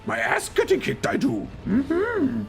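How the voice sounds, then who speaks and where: German man doing a wise old alien master, croaky, slow, sing-song, faint noise behind. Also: very high voice, very animated, faint music behind, voice pushed up, heavily acted. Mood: playful. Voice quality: croaky, backwards phrasing. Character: little wise old male alien master, odd word order.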